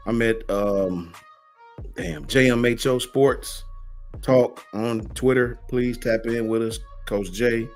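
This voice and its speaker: A man co-hosting a casual live stream, signing off in a relaxed, friendly way. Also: mid-range voice, slow pace, soft background music.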